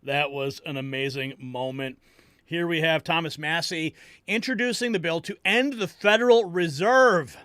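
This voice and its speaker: A male host delivering excitable political news commentary, reacting to clips. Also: fairly high pitch, moderate pace, clear, resonant tone, dry recording, clean studio sound.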